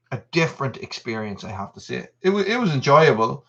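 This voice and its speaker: A man's voice: medium pitch, very animated, a little fast, creaky, hardly any pauses, bright, forceful tone. A man, hosting a casual live stream and chatting in a rambling way while reading out viewer messages. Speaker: channel host. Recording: dull lo-fi stream audio.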